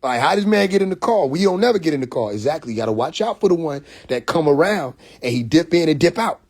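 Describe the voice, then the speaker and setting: A man telling a story on a phone livestream, animated and profane, full of restarts and acted-out quotes. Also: fairly high pitch, fast talker, slightly rough. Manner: profane, confrontational. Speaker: livestream host. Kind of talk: casual livestream monologue. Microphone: phone mic.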